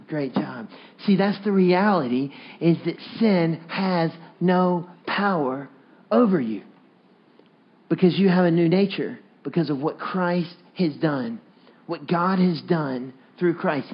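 A pastor with a voice on the high side and lively intonation preaches a sermon at a moderate pace, captured in dull audio. Earnest and coaxing, he leads the congregation in call-and-response, urging them to repeat a phrase back to him.

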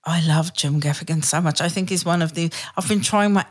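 A woman hosting a podcast in casual chat over a video call, talking freely and swearing, with quick put-on impressions of other people. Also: on the low side. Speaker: podcast host.

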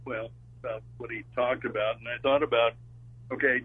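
A man, a regular on a radio show, chatting in a rambling, husky way. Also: medium pitch, normal speed. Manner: rambling, lively ups and downs. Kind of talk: casual radio chat. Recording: phone-like narrow line.

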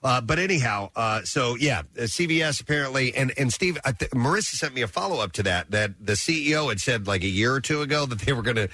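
A man's voice: medium pitch, animated, fast, hardly any pauses, pushed and bright, no room sound. A man hosting a talk radio show, chatting casually with frequent ums and restarts. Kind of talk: casual chat.

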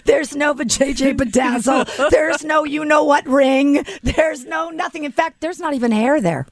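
A middle-aged woman co-hosting a casual studio chat, telling a story animatedly and dropping her voice low to quote others. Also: a little slow.

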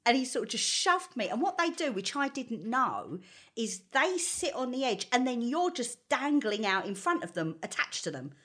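Animated, bright-voiced woman telling a story. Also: a little high, moderate pace, breathy edge. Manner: animated storyteller, laughs often, acts out quotes. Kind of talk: casual chat.

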